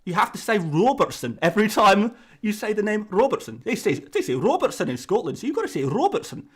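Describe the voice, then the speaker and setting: Animated English man ranting on a stream. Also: fairly quick, husky. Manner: animated, rambling, voice jumps high when exasperated. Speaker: fantasy football streamer. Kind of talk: live stream chat to viewers.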